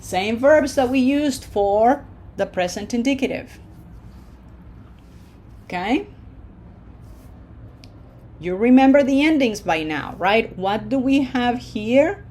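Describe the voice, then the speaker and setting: A woman teaching a lesson at an unhurried, careful pace. Her voice sits a little high. She sounds each word out deliberately and keeps checking in with encouragement. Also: lively intonation, a little mellow, a little hiss or hum. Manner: slow, deliberate modeling of pronunciation with encouraging checks. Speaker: Spanish teacher. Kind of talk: language lesson.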